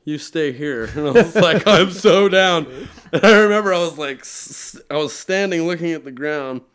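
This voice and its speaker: A man guest on a podcast, telling a long story in a casual, animated way, laughing often and filling with "like". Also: on the high side, normal speed, smooth. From Utah.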